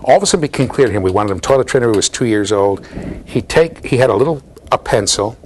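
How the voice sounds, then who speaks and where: A man giving a classroom lecture at a university, chatty and animated, asking the class questions and acting out little voices. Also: mid-range voice, fast talker, a little hiss or hum.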